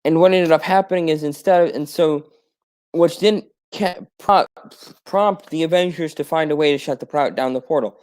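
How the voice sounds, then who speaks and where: A man hosting a talk show, casually pitching a fan script scene by scene with many fillers and restarts. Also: moderate pace, a little mellow. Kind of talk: casual rambling story pitch.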